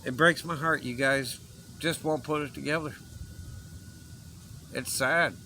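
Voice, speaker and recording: A man's voice: a little high, a little slow, bright, forceful tone, a little hiss or hum, rough recording. A man delivering an impassioned, rambling personal message to his viewers, earnest and emotional, pleading with them to listen. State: choked up. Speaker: vlogger.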